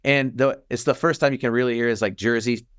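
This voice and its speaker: A man co-hosting a podcast in casual chat, animated and quick to act out quoted lines. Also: mid-range voice, clear, resonant tone, dry recording, clean studio sound. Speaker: podcast co-host.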